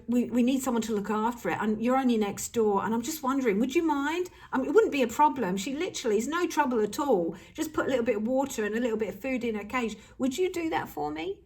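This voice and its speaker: A woman's voice: a little high, breathy edge. A woman acting out a pushy neighbor who keeps asking for favors in a persistent, pleading way.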